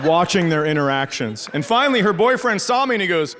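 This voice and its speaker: His voice high and very animated, the Minnesota comic keeps up a quick pace with hardly a pause, joking crudely and sarcastically about his relatives. Background noise and roaring laughter fill this live stand-up recording.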